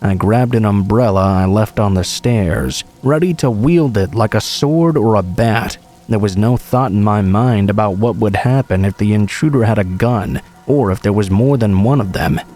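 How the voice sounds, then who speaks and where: A man reading true horror stories aloud as scripted narration, in a steady, measured way. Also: fairly low pitch, faint music behind.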